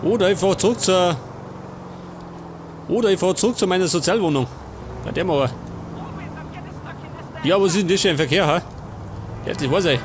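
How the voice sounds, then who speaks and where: A man with a Bavarian accent chats casually over a video game, muttering his thoughts as he plays. His voice sits fairly high, and there is clear noise from the game behind him. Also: normal speed, pauses often. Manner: muttering to himself while playing. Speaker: let's play gamer. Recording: commentary over noisy game audio.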